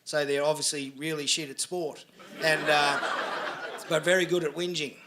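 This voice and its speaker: A brash middle-aged Australian comedian with a high, bright voice works the room, swearing freely and tossing rhetorical tags back at the crowd. The live recording carries a clear layer of room noise behind him. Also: male voice, little pitch movement, moderate pace. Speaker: stand-up comedian. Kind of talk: stand-up comedy set. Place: live comedy venue with audience. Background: audience laughter.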